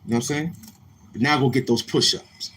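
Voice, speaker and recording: Streaming from outside near a street where cars can be heard, a loose, streetwise man talks casually to his audience over slight background noise. His medium-pitched voice moves fairly quickly and sounds a little tired, swinging between relaxed and loud, animated bursts.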